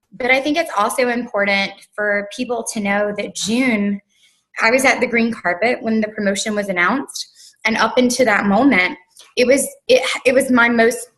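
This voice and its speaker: A woman's voice: mid-range voice, pushed and bright, rough recording. A woman telling a personal story as an interview guest, earnest and chatty, with many "um"s and "like"s. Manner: earnest, filler-heavy, with frequent "like" and "um". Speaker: interview guest, network marketer.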